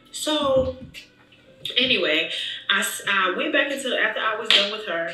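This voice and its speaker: A woman's voice: mid-range voice, normal speed. A young woman vlogger telling a storytime, animatedly acting out what people said to her. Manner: animated retelling, acting out quoted dialogue. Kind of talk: storytime vlog. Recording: echoey room, voice distant from mic.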